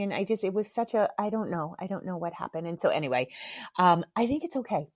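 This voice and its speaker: A woman's voice: medium pitch, sing-song, normal speed, a little mellow, dry recording. Frank middle-aged woman podcast host. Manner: candid, frank storytelling with swearing and laughs. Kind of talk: casual podcast monologue.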